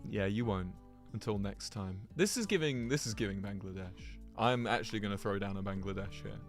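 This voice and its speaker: A man's voice: on the low side, fairly quick, faint music behind. A man giving rambling, chatty commentary to his viewers while he plays a geography game, laughing often. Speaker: streamer.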